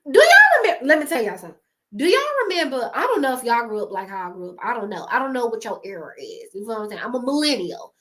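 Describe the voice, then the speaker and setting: A woman's voice: fairly high pitch, sing-song, fast. A woman, chatting casually to camera, giving motivational advice to creators, often laughing and calling her viewers y'all.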